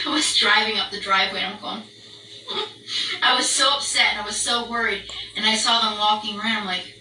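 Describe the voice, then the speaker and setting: A woman telling a story in a casual chat, animated and swearing freely, acting out the barks and screams. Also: mid-range voice, quick pace. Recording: roomy echo, distant from mic, faint background noise.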